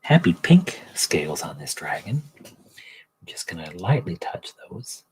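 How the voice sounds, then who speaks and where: A man putting on the voice of a gentle, soft-spoken TV painting instructor, slow and breathy. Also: low-pitched, sing-song, in a whisper, poor audio. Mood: soothing. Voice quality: hushed, breathy murmur. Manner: slow, soothing, reassuring.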